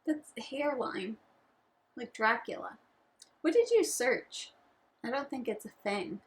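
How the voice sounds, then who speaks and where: A woman's voice: a little high, lively intonation, measured pace. A woman co-hosting a casual board game chat, playful and teasing as she talks. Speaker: board game channel co-host.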